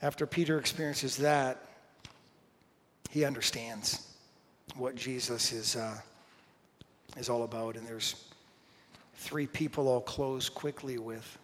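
Guy preaching a sermon, gets loud then drops to a whisper, big echoey church hall. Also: mid-range voice, steady tone, takes it slowly, pauses often. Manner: dynamic preaching, swings from loud to hushed whispers. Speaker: pastor. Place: church sanctuary. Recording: long reverb of a large hall.

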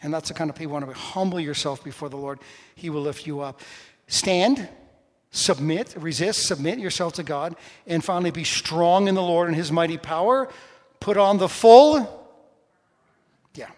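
A pastor with a fairly high voice delivers a sermon, trading casual questions with his congregation and then surging into loud, emphatic lines. His voice rings out in a church hall with a long, lingering reverb. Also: a little fast. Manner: building to loud emphatic bursts; conversational with the congregation.

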